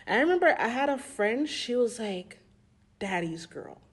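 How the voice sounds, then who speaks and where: A woman on a podcast, telling personal stories in a casual, animated way and acting out what people said. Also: a little high, moderate pace, husky. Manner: animated storytelling, acting out quoted voices with laughs. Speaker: podcast co-host.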